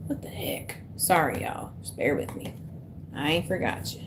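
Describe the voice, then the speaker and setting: A woman's voice: sits low, animated, normal speed, whispered, music in the background. Chatty woman live-streaming. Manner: chatty, self-deprecating, talks to herself while fixing tech. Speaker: tarot reader hosting a live stream. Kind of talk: casual live-stream chat.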